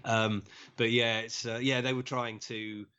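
Male comedian guest, chatty storyteller with frequent laughs; bright tone, muffled lo-fi recording. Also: mid-range voice, level tone, unhurried, smooth. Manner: chatty, laughs often while telling stories. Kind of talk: casual podcast chat.

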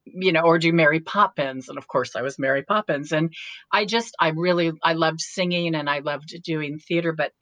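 Middle-aged actress, interview guest, deep low register, dry close sound, chatty anecdotal delivery. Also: female voice, moderate pace, a bit bright, no room sound. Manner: chatty storyteller, laughs often. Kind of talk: casual interview chat.

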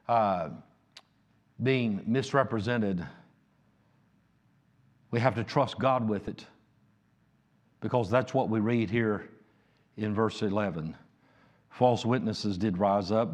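A man preaching a sermon, slow and emphatic, sometimes dropping to a hushed near-whisper. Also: lowish voice.

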